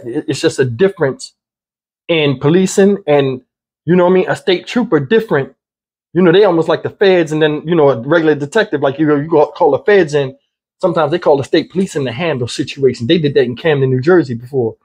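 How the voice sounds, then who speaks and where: Man, high voice, husky, blunt casual commentary, repeats himself. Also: darkish tone. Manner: conversational, blunt, repeats points.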